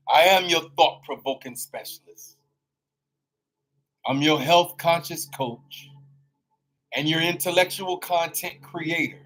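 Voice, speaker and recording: A man's voice: on the high side, low-quality recording. A middle-aged man hosting his own podcast as a health coach, talking in a loose, preachy, motivational way with casual slang. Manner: preachy, animated, colloquial with slang.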